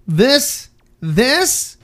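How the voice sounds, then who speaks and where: A man's voice: very high voice, sing-song, very slow, sharp tone, faint music behind. A man co-hosting a comedy podcast in casual, jokey banter. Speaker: podcast co-host.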